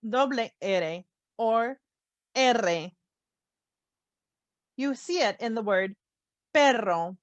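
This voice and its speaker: A woman teaching a phonics lesson, slowly sounding out letters and repeating each word with care. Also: mid-range voice, no echo. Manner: slow, carefully sounds out letters and words. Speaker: language teacher. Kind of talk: slow children's phonics lesson.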